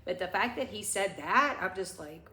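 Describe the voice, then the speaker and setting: A middle-aged woman vlogger crying as she tells a personal story, halting and rambling with many restarts. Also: mid-range voice, animated, bright, forceful tone, a little hiss or hum. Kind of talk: tearful personal story time. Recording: echoey room.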